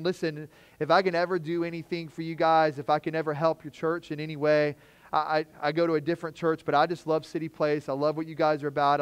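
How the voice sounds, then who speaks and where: A man's voice: on the high side, clear, resonant tone. Casual storytelling pastor, man. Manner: storytelling with lively acted quotes, casual slang. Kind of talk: sermon. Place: church.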